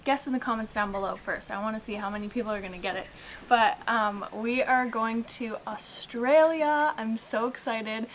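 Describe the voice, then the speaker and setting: Speaking at a normal speed in a voice on the high side, a young woman tells the camera about her day, cheerful and chatty, peppering her speech with "like" while sweating in the heat. She's indoors at a house in Bali. There's slight background noise, and the room sounds echoey with faint ambience.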